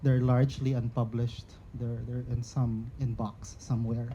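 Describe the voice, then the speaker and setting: Muffled Filipino man, mellow and chatty. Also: mid-range voice, level tone, normal speed. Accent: Filipino English. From Philippines. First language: Cebuano. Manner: reflective, chatty, many fillers. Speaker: panelist poet. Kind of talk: panel discussion. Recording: slightly muffled with faint noise.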